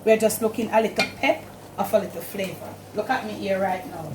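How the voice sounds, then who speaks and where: A woman's voice: mid-range voice, fairly even intonation, fairly quick, background noise. A middle-aged woman with a Jamaican accent hosting a home cooking demonstration, chatting to viewers as family and repeating "look at me here". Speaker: cooking show host. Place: home kitchen.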